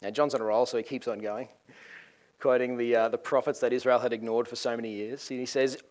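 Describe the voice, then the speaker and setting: A man preaching a sermon in a lively, conversational and joking way. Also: medium pitch, a little fast.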